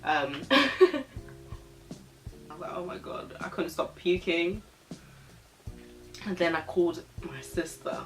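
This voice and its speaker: A woman's voice: fairly low pitch, big pitch swings, slow, pauses often, soft background music. A young woman vlogger telling a story in casual chat, frank and chatty, swearing freely and sipping a drink as she talks. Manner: sipping a drink while talking.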